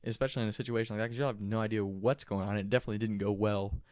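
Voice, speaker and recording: A young man casually telling a funny, profane story, animated and laughing often. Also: on the low side, rapid-fire, dry recording, studio quality.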